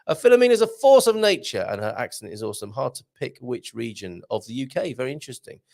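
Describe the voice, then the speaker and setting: A man's voice: mid-range voice, very animated, fast talker, creaky, darkish tone. A man hosting a casual live morning show, reading out viewer comments and chatting with a jokey manner. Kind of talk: casual live-stream chat.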